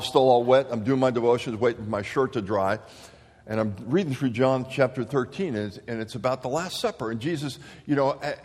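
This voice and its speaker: A man in his late fifties giving a sermon as an animated storyteller, acting out the people he quotes. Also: mid-range voice. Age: 50s. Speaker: speaker. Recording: long reverb of a hall.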